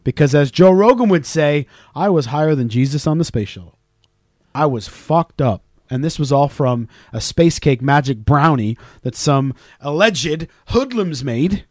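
A man co-hosting a casual podcast, telling stories with lots of swearing and loud acted-out quotes. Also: fairly high pitch, lively intonation, a little slow, dry recording, studio quality. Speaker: podcast co-host. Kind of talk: casual profane chat.

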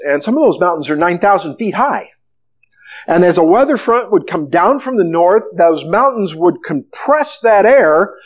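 A man preaching a sermon, retelling a story with animated, storytelling delivery. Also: high-pitched. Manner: animated storytelling, acting out the disciples' panic. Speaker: pastor.

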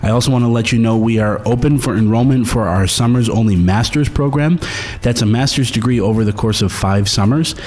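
Easygoing joking man, mid-pitched voice. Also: brisk, darkish tone. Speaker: podcast host and producer. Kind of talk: casual podcast chat and promo reads.

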